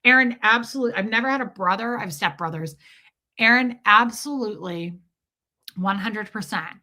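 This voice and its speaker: This woman hosting a livestream has a medium-pitched, sharp voice at normal speed. She talks casually with her audience, telling stories with plenty of laughter and swearing.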